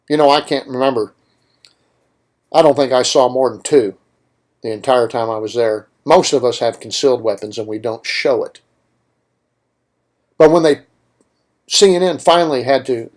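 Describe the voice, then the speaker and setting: A man's voice: mid-range voice, a little mellow. A man hosting a political talk radio show, delivering an opinionated monologue with emphatic points and rhetorical questions.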